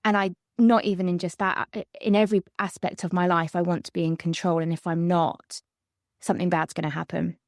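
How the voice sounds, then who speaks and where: A woman hosting a podcast in a candid conversation, open and chatty, laughing easily with quick asides. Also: on the low side, flat delivery, no echo, studio quality. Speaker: podcast host.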